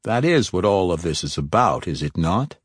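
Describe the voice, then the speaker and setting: A sly, wry dark elf rogue, read by a male narrator, pressing his questions with a teasing edge. The voice sits very low, and the sound is dry and close. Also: big pitch swings, normal speed, breathy edge, no room sound, exaggerated voice. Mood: probing. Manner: probing, slyly teasing.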